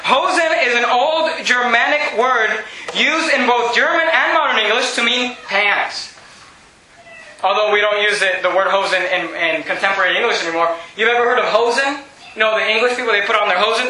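A man's voice: extremely high pitch, sharp tone. Emphatic preacher man in echoey church. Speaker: pastor. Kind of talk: sermon. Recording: very echoey room.

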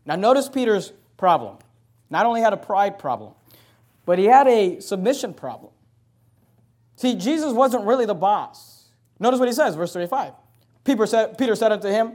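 A man's voice: sits high, lively intonation, a little fast, long pauses, a little mellow. A man preaching a sermon, reading scripture and acting out the quoted dialogue with rising intensity. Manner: reads scripture in King James wording.

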